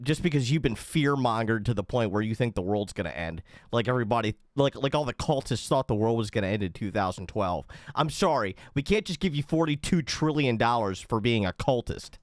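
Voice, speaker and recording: A man's voice: mid-range voice, animated, a little fast, few pauses, no room sound, clean studio sound. Heated profane man ranting. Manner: profane, heated, swears constantly; stammers and restarts when worked up. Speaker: online show host. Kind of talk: ranting reaction commentary.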